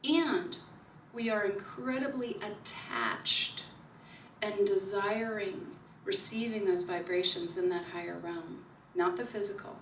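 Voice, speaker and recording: A woman giving a calm, repetitive spiritual talk at her book signing, slowing down to stress key ideas. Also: mid-range voice, a little hiss or hum. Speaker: author speaking at a book signing. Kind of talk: spiritual talk to a small audience. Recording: echoey room recorded from far off.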